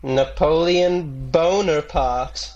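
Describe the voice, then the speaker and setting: A man putting on a voice of a pompous old man, speaking slowly and stately. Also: on the high side, a little mellow, muffled recording, pitched above the performer's own voice.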